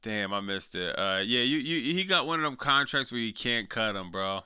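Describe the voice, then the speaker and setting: A man's voice: mid-range voice, lively intonation, normal speed, bright, forceful tone, clean tone. A man streaming casual reaction commentary, slangy and laughing often as he talks to his chat. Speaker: streamer reacting to wrestling clips.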